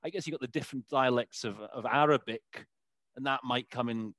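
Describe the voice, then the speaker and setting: A man's voice: medium pitch, brisk, a bit bright, no echo. A man who works as an interpreter, talking casually in an interview and often stopping to search for words with many fillers. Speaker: interpreter guest. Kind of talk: conversational interview.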